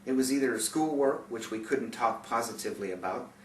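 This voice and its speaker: A man's voice: mid-range voice, fairly quick. A man reading his own memoir aloud, sardonic, with bitter asides, in a recording with a roomy, distant sound and faint hiss. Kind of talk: audiobook memoir narration.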